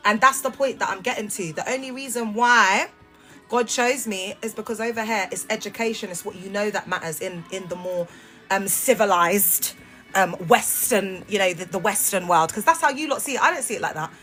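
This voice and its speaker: A woman's voice: mid-range voice, a little fast, pushed and bright, faint music behind. A woman, talking on a phone live stream and confronting her viewers in a sassy, heated way. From United Kingdom. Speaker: livestreamer. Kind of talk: casual live-stream rant.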